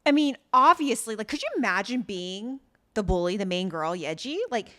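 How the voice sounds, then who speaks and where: A woman's voice: medium pitch, animated, moderate pace, a bit bright. A woman co-hosting a podcast, chatting casually and acting out scenes with quoted lines and swearing. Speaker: podcast co-host. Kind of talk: casual chat recapping a drama.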